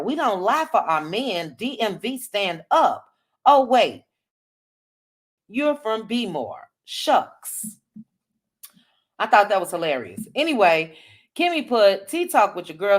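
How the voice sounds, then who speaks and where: A woman from the DC hosting a casual livestream, reading viewer comments aloud with quick chatty asides. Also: medium pitch. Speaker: livestream host.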